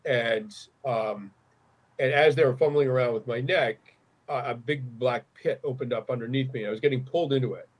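Middle-aged man, husky, earnest storyteller who stumbles and restarts as he talks. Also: medium pitch, moderate pace. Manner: earnest, restarts often when moved. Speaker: guest. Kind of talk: conversational storytelling.

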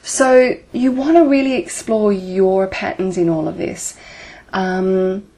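A woman's voice: mid-range voice, takes it slowly, dark tone. A woman relationship coach talking to her listeners, asking earnest rhetorical questions and swearing now and then.

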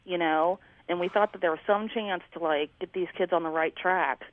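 A woman on a call tells a story with lively energy, acting out other people's lines as she goes. Her voice comes through a thin, tinny phone line. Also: fairly low pitch, normal speed. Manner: animated, acts out neighbors' lines. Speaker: caller.

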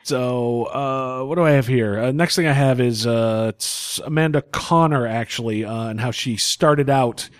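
A man's voice: medium pitch, measured pace, hardly any pauses, no room sound, clean studio sound. A man hosting a podcast in casual chat, laughing often and swearing casually. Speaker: podcast host.

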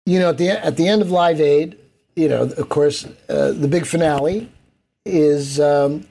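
Male guest, middle-aged or older, mellow tone, animated storyteller who acts out quotes. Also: fairly high pitch, a little slow. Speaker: interview guest, event producer. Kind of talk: storytelling in casual interview.

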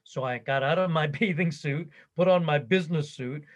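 An older man, the interviewee, recounting his career story in a conversation, animated and quoting others as he goes. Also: on the high side, moderate pace, low-quality recording.

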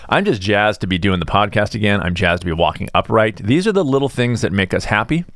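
A middle-aged man hosting a casual solo podcast, rambling through self-deprecating asides and animated tangents. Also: on the low side, dry recording, studio quality. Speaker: podcast host.

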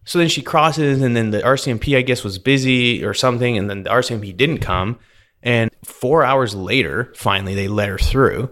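A man co-hosting a podcast, retelling a story in a casual, animated way full of "like"s. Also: mid-range voice, moderate pace. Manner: animated, filler-heavy retelling with many "like"s. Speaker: podcast co-host.

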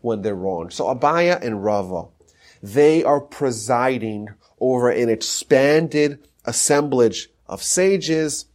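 A man's voice: mid-range voice, expressive, slow, a little mellow. A man giving a podcast lecture on Talmud history, teaching emphatically and mixing in Hebrew terms.

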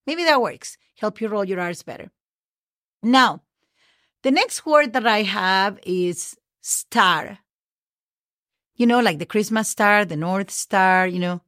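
Woman, friendly language teacher, dry close sound, medium pitch. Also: fairly bright tone, dry recording. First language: Spanish. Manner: chatty, checks in with "okay?" often. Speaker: Spanish teacher. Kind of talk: podcast language lesson.

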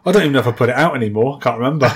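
Husky, dry-humoured man. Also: medium pitch, rapid-fire. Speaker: podcast co-host. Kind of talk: casual chat.

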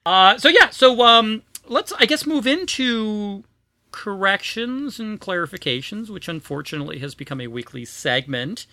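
Chatty high-voiced man hosting a podcast. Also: expressive, normal speed, pushed and bright, no echo. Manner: self-deprecating, chatty, many fillers. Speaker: podcast host. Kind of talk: casual podcast chat.

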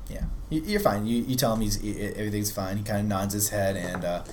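A man's voice: on the low side, fast, a little hiss or hum. A man narrating as game master of a tabletop zombie game, rambling and stammering as he voices the people the players meet.

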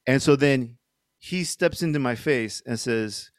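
A man's voice: mid-range voice, a little slow, no echo, studio quality. A middle-aged man, a podcast guest, telling a story casually with lots of fillers and swearing. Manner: rambling, profane, lots of fillers.

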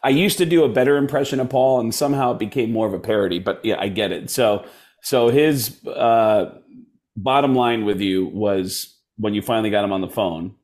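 A man's voice: lowish voice, moderate pace, a little mellow. A man appearing as a comedian guest on a podcast, making joking asides in casual chat.

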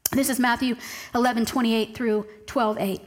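A woman preaching a sermon, reading scripture aloud and slowing down to stress key words. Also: a little high, steady tone. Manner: reads scripture aloud, slows down for emphasis.

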